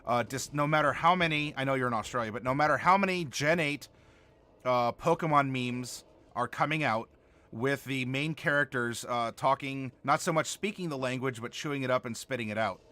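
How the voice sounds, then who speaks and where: Chatty man with a bright voice. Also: mid-range voice, normal speed. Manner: chatty, reads and answers viewer comments. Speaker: host building a game character live. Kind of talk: casual livestream chat.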